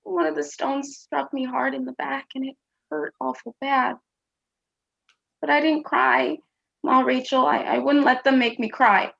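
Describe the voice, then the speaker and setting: A woman's voice: sits high, fairly even intonation, unhurried, vocal fry, fairly bright tone, breathy edge, muffled recording, heavily acted. A woman playing a small, earnest young boy who asks plaintive, childlike questions in a stage play. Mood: hurt.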